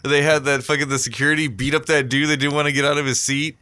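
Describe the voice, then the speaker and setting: A man's voice: on the high side, little pitch movement, fast, bright, forceful tone, clear, resonant tone, dry recording. A man co-hosting a casual podcast, swearing freely and laughing at his own jokes. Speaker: podcast co-host. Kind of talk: crude casual banter.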